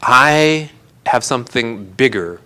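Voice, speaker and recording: A man's voice: medium pitch, lively intonation, slow pace, bright, forceful tone, poor audio. A man, a pastor, preaching a sermon in a live-streamed church service and retelling a parable with earnest storytelling. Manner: earnest storytelling preacher, voicing characters in quotes.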